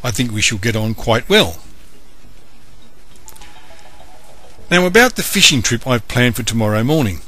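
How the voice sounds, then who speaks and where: A man's voice: medium pitch, big pitch swings, fairly quick, sharp tone. A man voicing a small, formal, courteous male mouse who keeps saying sir. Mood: kindly.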